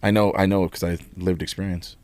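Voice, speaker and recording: A man's voice: deep voice, fairly quick, no echo. A middle-aged man from Nevada, a union leader talking candidly and with energy in a casual interview, often repeating himself. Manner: candid and animated, blunt words, repeats himself. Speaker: union leader, podcast guest.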